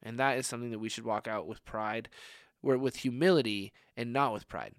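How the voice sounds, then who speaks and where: A man's voice: medium pitch, a little fast, no echo, clean studio sound. A young adult man preaching a conversational sermon as a young adults pastor, earnest and full of rhetorical questions, often saying "like". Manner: frequent filler "like".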